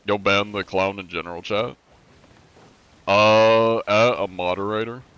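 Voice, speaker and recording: A man's voice: on the low side, fairly even intonation, unhurried, a bit bright, clear, resonant tone, no echo, lo-fi sound. A man from the United States chatting casually on a live game stream, joking as he answers chat questions.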